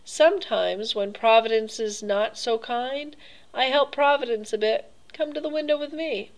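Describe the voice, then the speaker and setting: A woman's voice: on the high side, moderate pace, voice pushed up, lightly acted, poor audio. A woman reading an audiobook, voicing a suave, cruel older male aristocrat with an urbane, mocking manner. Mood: pleasant, menacing. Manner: urbane, mocking, coolly pleased.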